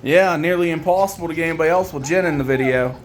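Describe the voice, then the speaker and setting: A woman filming her puppies, chatting fondly and teasing them, and jumping into high baby talk whenever she calls one over. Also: quick pace, background noise. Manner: fond, chatty, teasing the pups. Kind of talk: casual running commentary while filming.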